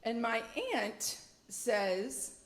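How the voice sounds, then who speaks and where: A woman's voice: a little high, drawn-out words, roomy sound. A middle-aged woman from the United States telling a playful story on stage to a live audience. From United States, Dutch-born mother. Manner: animated, playful.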